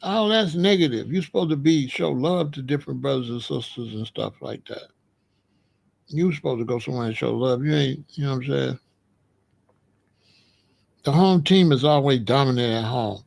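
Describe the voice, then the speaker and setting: A man's voice: medium pitch, moderate pace, gravelly, pauses often, a little mellow. A man giving a blunt, streetwise commentary monologue, repeating his points. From Chicago. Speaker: commentary host.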